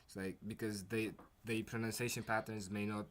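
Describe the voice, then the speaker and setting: A man's voice: on the low side, level tone, normal speed, a bit bright, a little hiss or hum. Hesitant man thinking aloud. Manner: hesitant, many fillers and restarts. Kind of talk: casual chat on a video call.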